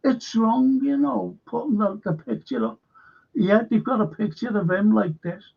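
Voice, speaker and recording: Male host, gravelly and fairly high-pitched, rambling angry monologue. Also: moderate pace, dull audio. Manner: indignant, rambling, heavy swearing.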